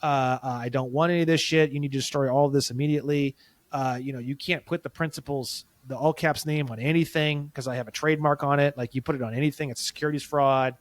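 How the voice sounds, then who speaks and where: A man's voice: medium pitch, steady tone, quick pace, no echo. A man guesting on a podcast, telling a long story in a rambling, profane and indignant way. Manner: heated, indignant. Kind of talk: casual podcast conversation.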